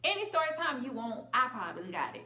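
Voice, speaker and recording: Gravelly, bright-voiced young woman vlogger. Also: fairly high pitch, fast talker, echoey room, slight background noise. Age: young adult. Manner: animated, slangy, acts out quotes. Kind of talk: casual storytime vlog.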